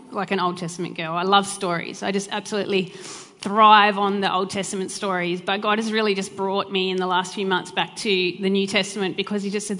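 A woman with a mid-range, slightly bright voice prays and preaches during a live service in a church hall. Her delivery is fervent and heartfelt, with chatty asides, and the recording carries long hall reverb and faint music.

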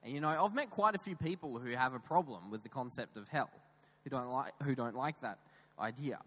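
A man preaching a sermon in a church, emphatic, with raised stresses that drop into quiet, low asides. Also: lively intonation, a little fast, low-quality recording. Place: church with screens.

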